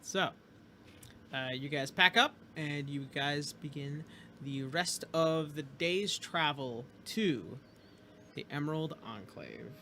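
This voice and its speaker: A man's voice: a little high, animated, slow pace, pushed and bright, a little hiss or hum. A man running a tabletop game as game master, narrating in a rambling way full of fillers.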